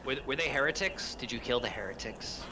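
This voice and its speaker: A man's voice: medium pitch, lively intonation, fairly quick, far from the mic, background noise, natural voice. A man voicing a touchy male tech-priest medic who stammers over his words and insists he doesn't stutter. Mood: eager.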